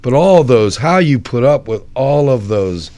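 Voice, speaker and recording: A man's voice: mid-range voice, lively intonation, a little slow, warm tone, no room sound. Wry, storytelling man with dry sound. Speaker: event organizer. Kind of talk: anecdotal storytelling.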